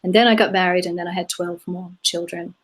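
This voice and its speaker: A woman's voice: on the low side, fairly even intonation, fast, rough recording. A woman in her fifties with an Australian accent, answering interview questions plainly and matter-of-factly. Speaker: guest, activist. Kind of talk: casual conversational interview.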